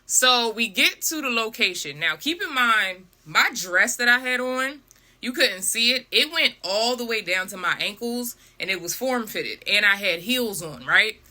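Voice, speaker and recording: A young woman telling a storytime vlog, animated and dramatic, with frequent asides to her viewers. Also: a little high, a little slow. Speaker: vlogger.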